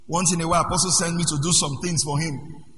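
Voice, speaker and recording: High-voiced preacher in an echoey hall. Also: male voice, steady tone, quick pace, a little hiss or hum. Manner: swings from quiet asides to loud preaching shouts. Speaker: pastor. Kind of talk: sermon. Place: church hall. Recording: echoey hall with long reverb.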